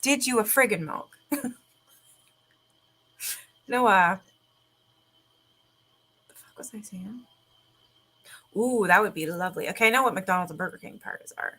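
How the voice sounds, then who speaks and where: A woman's voice: medium pitch, a little slow, pauses often, sharp tone. A woman chatting casually, rambling, swearing freely and laughing often. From Canada. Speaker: streamer. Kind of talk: casual chat.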